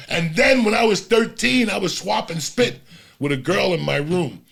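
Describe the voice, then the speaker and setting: A man's voice: high voice, moderate pace, vocal fry. A middle-aged man, a comedian, telling profane stories on a podcast and acting out the people in them. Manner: profane, animated storyteller doing voices. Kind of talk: storytelling on a podcast.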